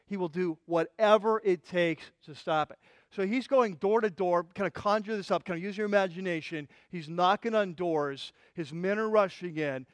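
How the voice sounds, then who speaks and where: High-voiced man preaching passionately. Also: clean tone, dry recording. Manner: vivid, passionate storytelling with quick restarts. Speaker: pastor. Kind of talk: sermon.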